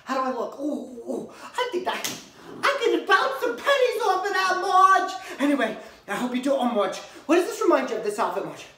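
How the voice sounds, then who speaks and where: A woman's voice: high-pitched, big pitch swings, fairly quick, a bit bright, slight background noise, heavily acted. A woman playing a brash, gossipy friend who rambles, swears and keeps saying her friend's name, in a comic monologue to camera. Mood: frantic. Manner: rambling, profane, says the friend's name constantly. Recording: echoey room.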